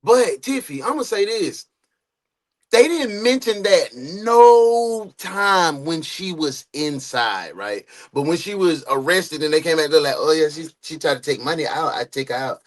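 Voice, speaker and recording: A man hosting a true crime reaction live stream, reading chat comments aloud with animated, loud asides. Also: a little high, a little slow.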